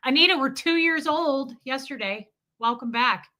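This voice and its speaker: Bright-voiced woman ranting to stream chat. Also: sits high, normal speed. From US Midwest. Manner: sarcastic, ranting, throws in mocking impressions. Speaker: live-stream host. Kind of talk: casual live-stream chat with viewers.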